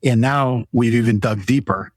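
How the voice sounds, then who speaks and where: Enthusiastic man pitching mattresses, dry sound. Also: normal speed, no room sound. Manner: rambling, enthusiastic, pitches products. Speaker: podcast host and mattress store owner. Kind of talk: casual sales chat. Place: mattress store showroom.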